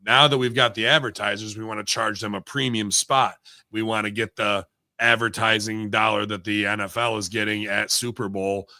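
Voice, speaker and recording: A man's voice: on the low side, flat delivery, normal speed, sharp tone, no room sound, clean studio sound. A man in casual chat, ranting animatedly and swearing often. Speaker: wrestling podcast guest.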